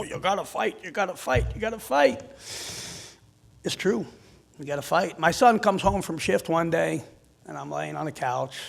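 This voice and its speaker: Passionate firefighter man giving a speech. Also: on the high side. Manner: heartfelt, raw, swings from quiet to loud. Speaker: firefighter union president. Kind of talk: emotional conference speech. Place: conference stage.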